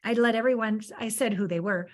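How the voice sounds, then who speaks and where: A woman's voice: a little high, brisk. A woman guest on a podcast interview, talking earnestly and from the heart and building her stories with emphatic repetition. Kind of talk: conversational interview storytelling.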